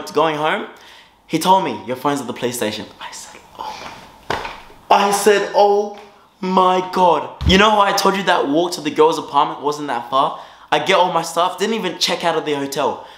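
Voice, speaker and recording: Animated young man telling a story. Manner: animated, swings between loud and low, laughs. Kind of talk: casual story time. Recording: roomy echo.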